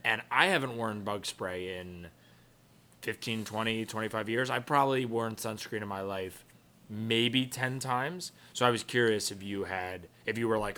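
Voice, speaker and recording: Man from new york, podcast co-host, low voice, bright tone, jokey questions. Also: moderate pace, smooth. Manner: joking, asks lots of questions. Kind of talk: casual chat.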